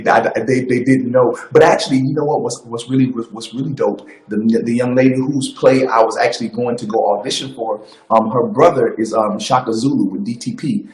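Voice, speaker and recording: Animated man telling stories in echoey room. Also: mid-range voice, brisk, few pauses. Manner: animated, loose, many fillers and restarts. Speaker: actor, interview guest. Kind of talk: casual storytelling.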